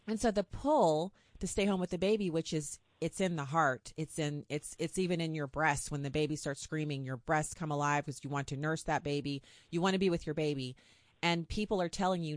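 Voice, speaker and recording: Low-voiced animated woman host. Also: moderate pace, no room sound. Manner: animated, storytelling questions. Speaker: interview host. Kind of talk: interview.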